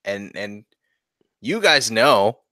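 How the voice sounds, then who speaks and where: A man's voice: on the low side, sing-song, slow pace, bright, forceful tone, dry recording, studio quality. A man co-hosting a podcast in casual chat, laid-back and swearing offhandedly. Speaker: podcast co-host.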